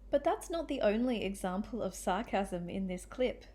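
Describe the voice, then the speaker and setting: A woman teaching an English lesson, speaking in a clear, deliberate way and demonstrating different tones of voice. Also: mid-range voice, lively intonation, dark tone. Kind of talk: scripted lesson narration.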